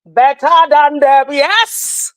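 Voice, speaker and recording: A woman calling into a livestream, warmly effusive and grateful, often repeating words. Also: high-pitched, animated, slow pace. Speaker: caller joining a livestream. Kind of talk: casual call-in chat.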